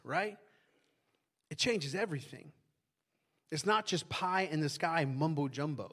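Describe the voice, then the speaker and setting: A man's voice: on the high side, husky. A man preaching a sermon to a congregation, in a conversational way, often asking the audience questions and adding "right?". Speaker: pastor.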